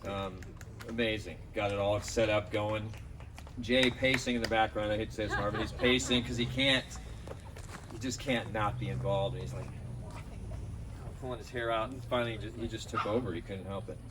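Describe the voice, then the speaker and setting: A man with a low voice speaks at a memorial in an outdoor park, giving a storytelling tribute in a rambling, anecdotal way full of fillers. His tone is steady and his pace moderate. The mic sits at a distance, with faint background noise.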